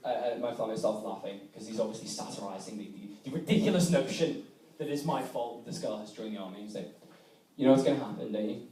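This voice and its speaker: A man's voice: lowish voice, fast talker, slight background noise. Young man telling a funny story, echoey. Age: young adult. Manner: animated, laughing through the story. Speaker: debate society speaker. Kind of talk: comic storytelling speech. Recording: echoey room, from far off.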